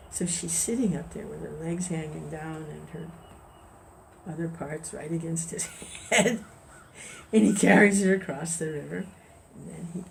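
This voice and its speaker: Brief: woman, lower voice, casual devotional talk, chatty storyteller with restarts. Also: gravelly, slight background noise, poor audio. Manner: conversational, restarts, chuckles. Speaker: devotional discussion leader. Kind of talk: informal spiritual talk with storytelling.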